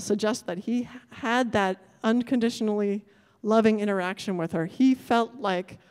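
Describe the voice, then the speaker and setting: A woman's voice: mid-range voice, a little mellow. A woman addresses a conference audience from the stage, her voice carrying a long reverb through a large lecture hall. She talks in a thoughtful, searching way, restarting and reworking her sentences as she goes. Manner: thoughtful, self-correcting, apologetic about technical glitches. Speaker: conference speaker. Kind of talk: academic conference talk.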